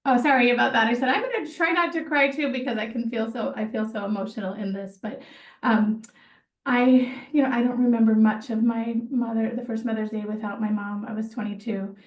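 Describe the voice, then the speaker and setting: A woman trauma therapist speaking on a video call, gently guiding a slow breathing meditation with pauses. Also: a little high, fairly even intonation. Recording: echoey room, far from the mic.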